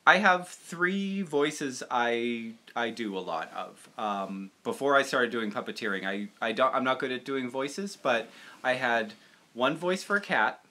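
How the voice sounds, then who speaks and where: Rambling young man with a bright, lively voice. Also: medium pitch. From Boston area. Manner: rambling, self-deprecating, quick to jump into voices. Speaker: puppeteer and livestream host. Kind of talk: casual livestream chat.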